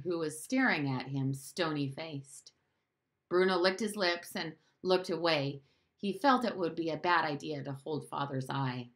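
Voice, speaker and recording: A woman reading a novel aloud in a measured, even storytelling manner. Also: deep voice. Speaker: audiobook reader.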